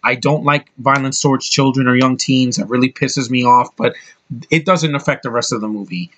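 A young man reviews a film in a casual, excitable ramble. He stumbles through filler words and swears freely as he talks. His voice sits at a middling pitch. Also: normal speed. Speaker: movie reviewer. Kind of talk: casual spoken movie review.

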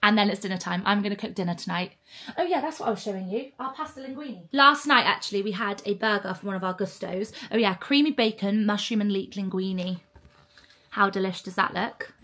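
A woman's voice: mid-range voice, fairly quick, a bit bright. Chatty woman vlogging. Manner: chatty, bubbly, coos to her dog. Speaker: lifestyle vlogger. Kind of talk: casual chat to camera. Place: cabin in the woods.

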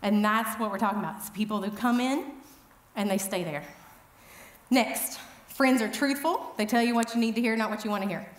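A middle-aged woman speaking at an event, telling funny, self-deprecating stories in a chatty, animated way. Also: on the high side, a little fast, echoey room. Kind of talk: humorous storytelling talk. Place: event hall.

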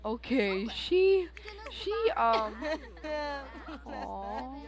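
A woman's voice: fairly high pitch, very animated, very slow, gravelly, crowd noise, low-quality recording. A woman giving chatty, rambling commentary while playing a life-simulation game, with frequent exclamations. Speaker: let's play host. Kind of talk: casual gameplay commentary.

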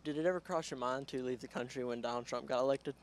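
A man's voice: mid-range voice, fast, close to an everyday voice. A man playing a pushy, patriotic street reporter who asks leading questions in mock field interviews.

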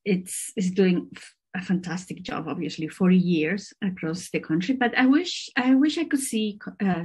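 Husky woman scientist. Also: medium pitch, darkish tone. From Peru. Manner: halting, many fillers and restarts. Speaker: scientist guest. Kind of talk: interview answers.

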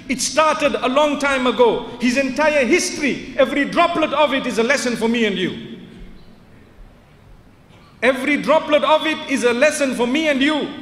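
Man preaching in a mosque, really high voice, storytelling with questions thrown at the crowd, long hall reverb. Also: a bit bright. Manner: rises to emphatic outbursts. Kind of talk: lecture in a mosque.

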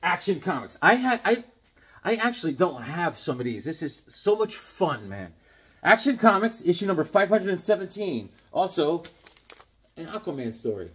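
A middle-aged comic collector vlogger, high-pitched, very animated, and moderately paced with a bright, slightly rough tone, chats casually while unboxing comics he got. He rambles enthusiastically and acts out voices as he tells stories.

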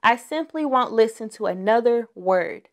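A woman's voice: on the high side, expressive, normal speed. Woman reading as a firm, scolding mama bear. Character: stern but loving mother bear.

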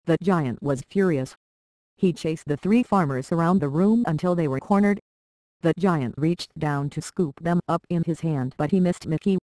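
A narrator reading a children's storybook aloud in a steady, even manner. The voice sits at a middle pitch, and the recording is dry and close with no room sound. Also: normal speed, dry recording, poor audio.

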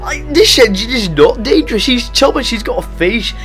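A man's voice: extremely high pitch, expressive, normal speed, fairly bright tone, soft background music, pitched above the performer's own voice. A Scotsman doing a blustering railway boss. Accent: Scottish. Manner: blustering, indignant. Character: stout bossy male railway boss.

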